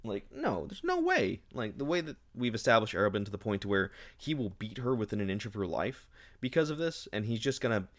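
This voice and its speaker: A man recapping a book in a casual, rambling rant, dripping with sarcasm. His voice sits on the low side. He sounds exasperated throughout. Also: huge pitch swings, fairly quick, fairly bright tone. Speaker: book reviewer.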